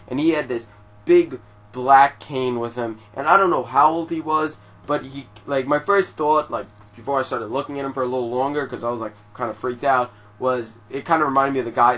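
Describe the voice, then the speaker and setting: A young man tells a story straight to his viewers. His delivery is loose and animated, full of fillers and casual swearing, and his voice sits at an ordinary middle pitch. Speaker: vlogger.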